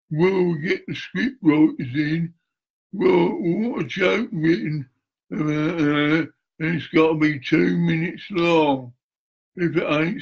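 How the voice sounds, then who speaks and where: Middle-aged man, husky and bright-toned, slow crude rambling monologue full of swearing and laughter. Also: a little high. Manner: crude, profane, laughs often.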